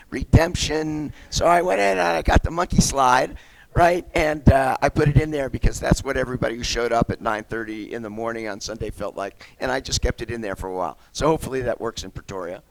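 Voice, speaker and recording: A man's voice: mid-range voice, fast, creaky, no room sound, low-quality recording. An American man with a slight cold, speaking at a conference in a chatty style and often checking in with "right?". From United States. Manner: chatty, keeps asking "right?". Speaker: keynote speaker. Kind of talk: lively conference talk. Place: conference venue.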